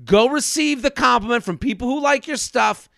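A man in his thirties hosting a podcast, telling a comedic story in an animated way and acting out other people's lines. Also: extremely high pitch, normal speed, vocal fry, no echo, studio quality. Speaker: podcast host. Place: studio.

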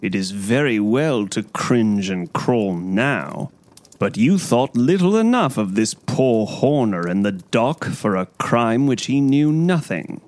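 A man reading an audiobook, voicing a stern, measured detective who lectures a suspect calmly. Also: medium pitch, no echo. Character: stern, cool-headed male detective. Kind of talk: audiobook character voice.

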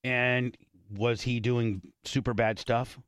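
A man's voice: mid-range voice, takes it slowly, smooth, no room sound, studio quality. A man hosting an uncensored radio show, telling stories with lots of swearing and acting out the voices of the people in them. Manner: profane, animated, acts out quoted voices in his stories. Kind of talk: uncensored casual talk radio storytelling. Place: radio studio.

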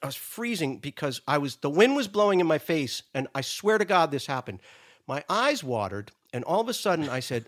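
A man in his sixties from New England, a guest telling a story in casual chat, animated, profane and self-mocking. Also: fairly high pitch, fairly quick.

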